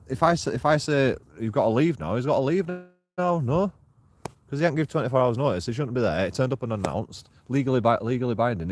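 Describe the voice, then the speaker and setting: A man's voice: mid-range voice, darkish tone. A man livestreaming while walking outdoors at night, rambling, swearing freely and laughing often. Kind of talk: rambling casual livestream chat.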